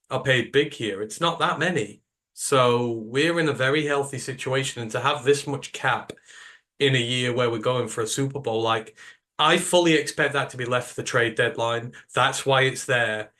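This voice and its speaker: A man's voice: mid-range voice, bright, forceful tone. A British man co-hosting a sports podcast, talking in an emphatic, opinionated way, rambling with fillers. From United Kingdom. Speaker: podcast co-host. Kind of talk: casual sports podcast chat.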